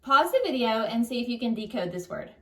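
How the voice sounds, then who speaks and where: A woman's voice: a little high, very animated, fairly quick. A woman teaching a recorded phonics lesson to young children, upbeat and encouraging, stretching out syllables. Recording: echoey room, distant mic.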